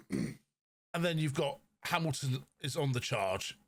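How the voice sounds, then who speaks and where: A man with a Cornish accent co-hosting a podcast, chatting through a race weekend with fillers and quick explanations. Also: mid-range voice, animated, no echo. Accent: Cornish English. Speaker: podcast co-host. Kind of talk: casual race recap chat.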